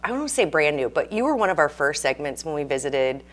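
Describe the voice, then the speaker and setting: Deep-voiced woman hosting an interview. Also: very animated, fast talker. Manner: friendly, brief affirmations. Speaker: host. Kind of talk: casual interview chat.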